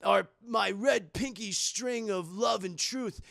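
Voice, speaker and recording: A man voicing a lovestruck teenage boy hero who shouts earnestly. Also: high-pitched, slow, vocal fry, no echo, clean studio sound, exaggerated voice.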